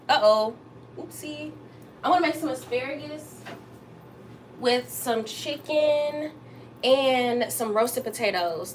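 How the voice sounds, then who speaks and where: Young woman, bit high voice, chatty livestream host cooking in her kitchen, faint room noise. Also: fairly bright tone. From Texas. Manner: chatty, talks straight to viewers, bursts up high to greet them. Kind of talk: casual livestream chat while cooking. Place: home kitchen.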